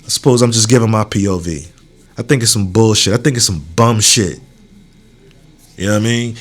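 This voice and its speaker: A man's voice: lowish voice, fairly quick, long pauses. A young adult man hosting his own podcast, talking loosely in a casual solo monologue, swearing freely and leaning on "you know what I'm saying.". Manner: swears freely, heated then warm and encouraging. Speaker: podcast host.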